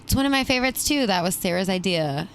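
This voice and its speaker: A woman hosting a podcast in casual chat, laughing often and telling animated stories. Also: medium pitch, fast, a little hiss or hum. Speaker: podcast host.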